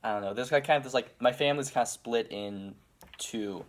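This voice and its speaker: A man's voice: mid-range voice, brisk. A young man from Pittsburgh with a Pittsburgh accent, chatting casually as a podcast co-host in a rambling, hesitant way. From Pittsburgh, Pennsylvania. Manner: rambling, hesitant, with many fillers. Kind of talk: casual chat.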